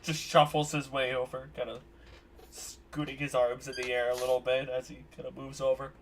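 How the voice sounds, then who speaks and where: A man's voice: medium pitch, little pitch movement, normal speed, a little hiss or hum. A man narrating as dungeon master for a tabletop game, rambling and correcting himself as he goes. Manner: rambling, self-correcting, chuckling.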